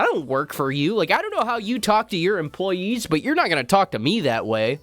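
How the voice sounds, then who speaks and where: A man streaming live, telling a story in a profane, animated and rambling way with lots of fillers. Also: high voice, moderate pace, no echo, soft background music. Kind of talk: casual storytelling rant.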